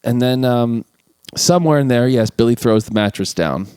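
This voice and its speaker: Male podcast co-host, animated scene-by-scene storyteller, dry studio mic. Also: medium pitch, moderate pace, clean tone, no room sound. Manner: animated retelling, acting out quotes with laughs. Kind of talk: casual chat recapping a film.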